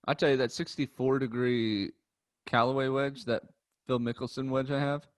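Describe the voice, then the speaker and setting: A man co-hosting a golf podcast, talking in a relaxed, chatty way with frequent ums. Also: medium pitch, moderate pace. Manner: relaxed, chatty, says um often. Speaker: podcast co-host. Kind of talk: casual chat.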